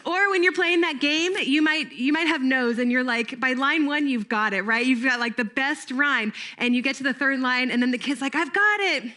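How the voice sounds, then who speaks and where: A woman's voice: sits high, normal speed, hardly any pauses, bright, forceful tone. A middle-aged woman giving a playful camp training talk to volunteers, laughing often and breaking into made-up jingles.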